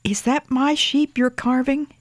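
A reader doing a hushed, polite little boy. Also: high-pitched, steady tone, unhurried, no echo, voice pushed up. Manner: soft, hushed pleading whisper. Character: quiet seven-year-old boy, polite and earnest.

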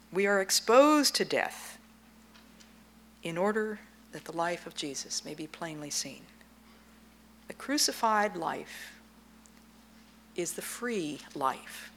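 A woman's voice: lowish voice, slight background noise. A middle-aged woman giving an earnest Christian talk, acting out dialogue as she tells stories. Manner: earnest, animated storytelling with acted-out dialogue. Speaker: Christian speaker. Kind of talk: sermon talk to a women's audience.

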